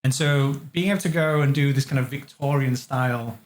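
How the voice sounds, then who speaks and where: A man from England who designs games, telling lively studio stories as an interview guest and acting out the voices of the people he quotes. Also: mid-range voice, fairly quick. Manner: animated storyteller, acts out quotes. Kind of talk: casual interview chat. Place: living room.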